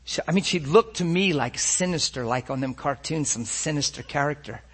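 A man's voice: on the high side, animated, moderate pace, fairly bright tone, breathy edge. A man telling a personal story dramatically, acting out the voices and laughing through it. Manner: dramatic, acts out every voice, laughs through lines. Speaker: storyteller giving a testimony.

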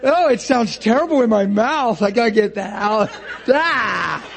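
A man preaching a lively sermon, laughing often and acting out little voices to make his points. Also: sits high, moderate pace.

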